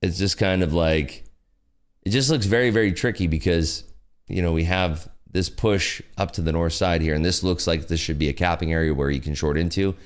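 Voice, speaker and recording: A man's voice: low-pitched, moderate pace, clean tone. A man hosting a trading livestream, talking in a rambling, laid-back way with lots of fillers. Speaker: futures trading livestream host. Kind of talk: casual livestream commentary.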